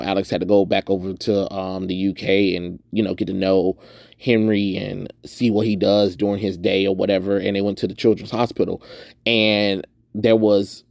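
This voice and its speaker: A man's voice: on the low side, gravelly, darkish tone, no echo, studio quality. A young man from the suburban American South chatting casually through a movie review, rambling with lots of "um"s and frequent laughs. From Southern United States, suburban.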